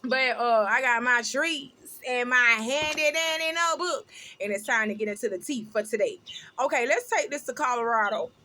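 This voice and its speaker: A middle-aged woman hosting a casual commentary vlog, talking loudly and animatedly, laughing often. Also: fairly high pitch, normal speed, slight background noise. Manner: loud, laughing, animated storytelling with sung snippets. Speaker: host.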